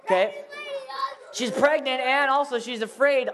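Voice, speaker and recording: A young man preaching to a congregation, telling a story with animated, acted-out screams and voices. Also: high voice, normal speed, a crowd in the background, background noise. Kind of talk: lively children's sermon storytelling.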